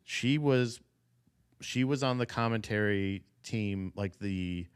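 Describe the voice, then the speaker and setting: A man's voice: lowish voice, takes it slowly, clear, resonant tone. A man co-hosting a podcast, ranting casually with swearing and laughs. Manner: animated ranting, profane, laughs. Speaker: podcast co-host.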